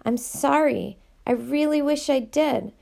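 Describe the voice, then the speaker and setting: A woman voicing a weary, sympathetic middle-aged male headmaster, speaking gently and apologetically in an audiobook reading. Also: high-pitched, measured pace, vocal fry, voice pushed up, exaggerated voice. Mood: apologetic.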